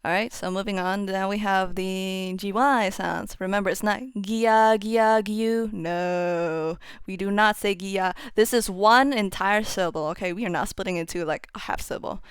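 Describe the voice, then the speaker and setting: A woman casually teaching how to pronounce Japanese syllables, chatting informally and then singing the syllables out in a steady tone. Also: mid-range voice, moderate pace, few pauses, clean tone, dry recording. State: voice getting strained. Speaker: UTAU voicebank tutor.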